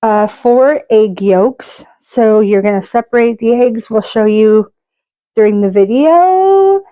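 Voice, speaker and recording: Slow-talking chatty woman cooking host. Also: medium pitch, fairly even intonation, smooth, dry recording, muffled recording. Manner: chatty and self-mocking, jokes about her own accents. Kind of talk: casual cooking video chat.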